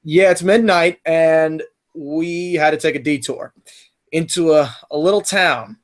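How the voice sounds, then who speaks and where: A young man hosting a casual podcast, rambling and filling pauses as he reads questions and tells stories. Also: on the high side. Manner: rambling, many fillers and restarts. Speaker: podcast host.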